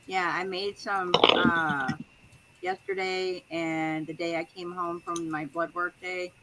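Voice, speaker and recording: Low-voiced woman telling a story over a call. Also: lively intonation, slow pace, creaky, pushed and bright, a little hiss or hum, low-quality recording. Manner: rambling storytelling with fillers. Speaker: livestream guest. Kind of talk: casual video call chat.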